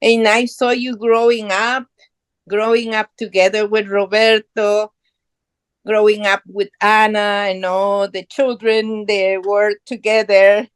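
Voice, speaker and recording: Here the Guatemalan podcast guest, a middle-aged woman, recounts her story casually in English, earnest and proud, her phrasing clearly non-native. She speaks at medium pitch with a flat delivery and slow pace, in a clean, echo-free tone.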